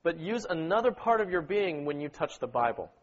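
High-voiced man exhorting a congregation. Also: very animated, brisk, dull audio. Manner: exhorting, repeats words, prompts the congregation with "okay?" and "amen". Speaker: pastor leading a church meeting. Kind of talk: sermon with group scripture reading.

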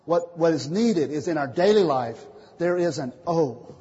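A man preaching a sermon, calling out questions for the congregation to answer and swinging from quiet asides to loud declarations. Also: on the high side, lively intonation, unhurried, breathy edge. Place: church meeting hall. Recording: muffled, echoey hall recording.

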